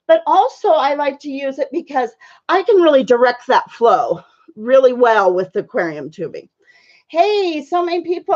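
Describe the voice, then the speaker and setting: A woman with a high, slightly mellow voice paints on a live stream while casually chatting with viewers. She greets them by name, her friendly sentences loose and full of fillers, and the stream audio sounds dull and lo-fi.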